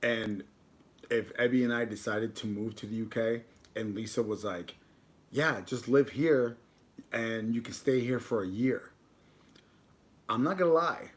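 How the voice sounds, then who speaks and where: A man hosting a casual live stream, rambling and joking while he talks to his dog and to the chat. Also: medium pitch. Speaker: livestream host.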